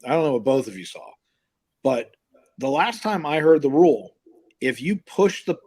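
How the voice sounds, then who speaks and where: Brief: male sports-show host, animated, incredulous, conversational delivery. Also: a little high, normal speed, husky. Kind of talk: casual sports chat.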